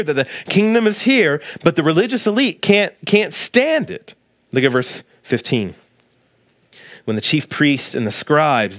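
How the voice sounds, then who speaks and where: A man in his thirties, a pastor preaching a sermon to listeners at home, animated and acting out the quoted voices. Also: no room sound, studio quality. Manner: animated, acts out quoted voices with big pitch jumps; direct address to listeners at home.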